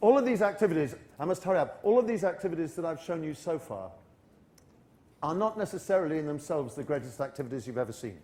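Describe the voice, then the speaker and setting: A man's voice: on the high side, quick pace. A man from the United Kingdom with a British English accent, giving a live teacher-training talk in a university hall and energetically coaxing the audience to repeat after him. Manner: energetic, coaxes the audience into choral repetition.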